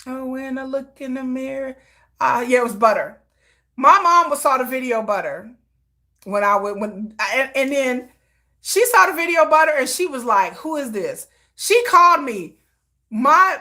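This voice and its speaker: A woman's voice: high voice, pushed and bright. Chatty woman telling a rambling story. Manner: rambling, laughs often, acts out quoted voices. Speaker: livestream host. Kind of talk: casual storytelling chat.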